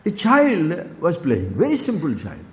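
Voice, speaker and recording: An older man with an Indian accent giving a spiritual talk, swinging between loud animated questions and low quiet asides. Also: measured pace, in a large hall. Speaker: spiritual teacher.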